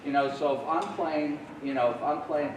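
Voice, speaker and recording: His voice sits a little high and moves at a normal speed as he, a forties-aged guest clinician, teaches a middle school jazz band with warmth and sung-out scat rhythms. There's background noise, and the echoey room is recorded from a distance.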